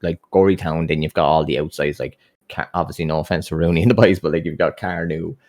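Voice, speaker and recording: This is a young Irish man with a very low, deep voice. He swears freely and tells his story in a loose, animated way. It sounds like a casual podcast chat between mates. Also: fast. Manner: animated, sweary anecdote-telling with acted-out quotes. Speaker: podcast guest.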